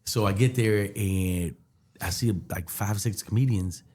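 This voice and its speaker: A man's voice: lowish voice, measured pace. A man, a comedian guest telling stories in casual podcast chat and acting out the other people's voices. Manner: animated storyteller acting out voices.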